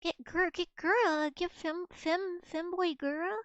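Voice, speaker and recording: A young woman with a strikingly high, girlish voice chats with her viewers while she plays. She teases them, curses freely and keeps the banter playful. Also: steady tone, a little slow, no echo, dull audio. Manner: playful, swearing, teasing banter with chat. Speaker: game streamer. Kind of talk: casual live gameplay stream chat.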